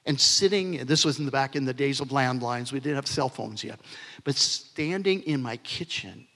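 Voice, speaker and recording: A man's voice: mid-range voice, normal speed, pushed and bright. A man in his sixties preaching a sermon as pastor, earnest, swelling into emphasis and dropping to near-whispers. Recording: long hall reverb.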